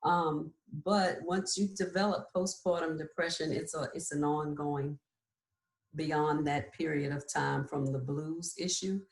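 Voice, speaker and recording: A nurse practitioner in her forties earnestly explains things and shares her own story, frequently checking in with "right?" Her voice sits low, with fairly even intonation and a slightly slow pace. The candid storytelling is recorded with a roomy echo.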